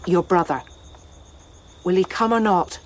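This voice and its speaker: Woman playing caring chorus lady, gentle questions, stage drama. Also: on the low side, a little slow, a little hiss or hum, close to an everyday voice. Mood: concerned. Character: chorus of sympathetic women friends.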